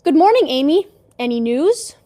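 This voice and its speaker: A young woman who runs her own company and sounds a little bossy, as a woman reads her lines aloud. The voice is high and close to the reader's own. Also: big pitch swings, normal speed, mellow.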